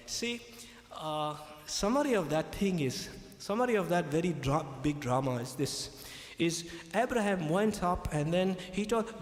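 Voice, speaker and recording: A man's voice: on the high side, expressive, normal speed. A man speaking as a pastor in a public debate, retelling scripture emphatically and repeating his key lines, recorded in an echoey hall. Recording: echoey hall with long reverb.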